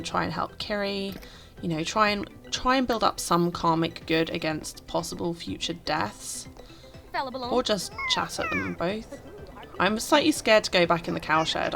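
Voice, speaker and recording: A woman giving casual, expressive let's-play commentary, breaking into exasperated, dramatic outbursts. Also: fairly low pitch, creaky. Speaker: gameplay commentator.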